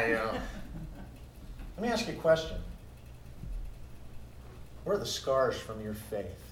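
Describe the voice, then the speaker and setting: A man preaching a sermon as pastor, moving between quiet musing and loud, emphatic declarations. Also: mid-range voice, vocal fry. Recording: echoey room heard from a distance.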